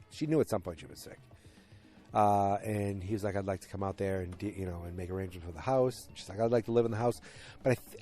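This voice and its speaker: Rambling low-voiced man recapping. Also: dark tone. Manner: rambling, self-correcting, many fillers. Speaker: podcast host. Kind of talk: casual solo episode recap.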